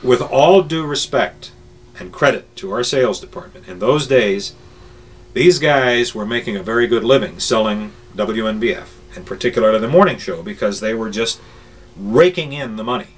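An older man who worked as a radio morning show host looks back on his career in an interview, rambling through anecdotes with many filler pauses. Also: medium pitch, expressive. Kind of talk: reminiscing interview storytelling. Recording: voice a bit distant from the mic.

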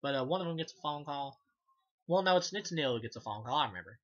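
A man's voice: fairly high pitch, animated, fast talker, dull audio. A man giving a casual, rambling movie recap, full of fillers, swearing and self-corrections. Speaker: movie reviewer.

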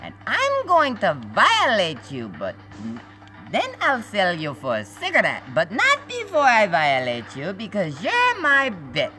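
A woman voicing a menacing, crude alien captor who makes slow, sneering threats over loud music. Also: mid-range voice, wildly swooping pitch. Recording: loud game music behind.

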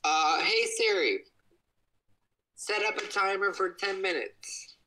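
A young man gushes excitedly on a kitchen livestream, his phone at arm's length, now and then letting out high squeals. He talks slowly, and the recording is rough.

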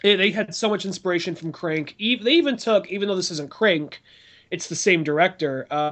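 A man co-hosting a podcast, chatting casually about movies, swearing and acting out scenes as he retells them. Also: a little high. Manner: loose, profane, animated retelling of scenes. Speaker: podcast co-host.

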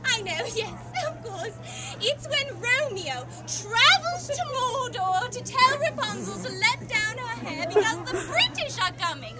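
Lady playing a squeaky scatterbrained actress, all over the place, loud crowd noise outdoors. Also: sing-song, measured pace, hardly any pauses, far from the mic, exaggerated voice. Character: ditzy excitable woman actor in troupe. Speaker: actor. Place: outdoor fair stage.

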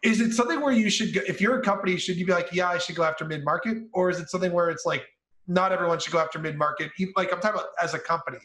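A man with a rather high, bright voice rattles off questions very quickly. He rambles and stacks several questions into one. His voice is recorded in an echoey room. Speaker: podcast host. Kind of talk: casual podcast interviewing.

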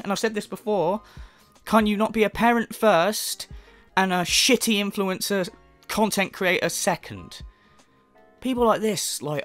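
A man's voice: high-pitched, a little slow, a bit bright, soft background music. A man ranting in commentary, exasperated and profane, incredulous at what he describes. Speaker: commentary video host.

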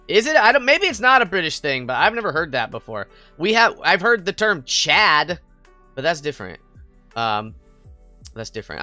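A young American man chatting playfully while streaming a game, prone to excited squeals. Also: fairly high pitch, normal speed, no room sound, faint music behind. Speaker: VTuber streamer. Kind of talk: casual gaming stream chat.

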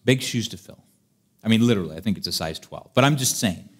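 A man preaching a sermon in an animated, humorous way, acting out scripture stories as he teaches. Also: fairly low pitch, quick pace, breathy edge.

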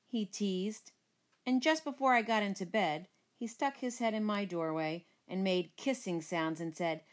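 Expressive woman reading a children's book. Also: on the low side, normal speed. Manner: expressive first-person narration. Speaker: storyteller. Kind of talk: children's book read-aloud.

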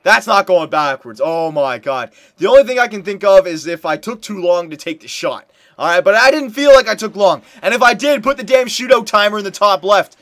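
A young man giving casual commentary while playing a hockey video game, muttering one moment and yelling in frustration the next. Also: high-pitched, brisk, no echo. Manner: excitable, swings from muttering to loud outbursts. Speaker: gameplay commentator.

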